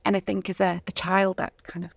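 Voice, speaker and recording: A middle-aged woman from Zimbabwe, a guest telling her story in a rambling way with many pauses and laughs. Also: medium pitch, level tone, creaky, no echo. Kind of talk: casual interview chat.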